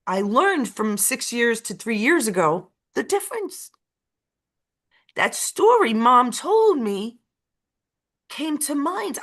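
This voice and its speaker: A woman's voice: on the high side, big pitch swings, slow pace, long pauses, a bit bright. A woman co-hosting a casual chat who tells a story with emotional repetition and an uneven pace. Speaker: co-host.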